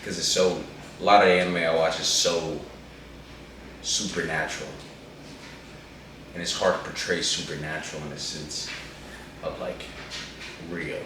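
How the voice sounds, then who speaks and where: A man with a low voice chats in an animated, slangy ramble. He sits away from the mic in a very echoey room. A faint hum runs under him. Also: unhurried, pauses often, distant mic. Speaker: co-host reviewing an anime movie. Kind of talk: casual chat.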